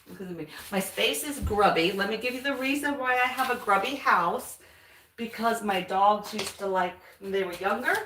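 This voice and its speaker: Chatty lady painting her hallway, slow easy talk, camera across the room. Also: fairly bright tone, a little hiss or hum. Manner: chatty, talks to her dog in a high voice. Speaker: home vlogger. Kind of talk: casual painting vlog. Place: house hallway, indoors. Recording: roomy, far from the mic.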